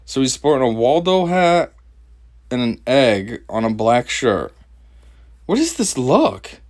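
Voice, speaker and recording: A young man from Connecticut doing a mocking reaction commentary over a video, laughing often and pausing the clip to remark on it. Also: medium pitch, very animated, darkish tone. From Connecticut, USA. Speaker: commentary host.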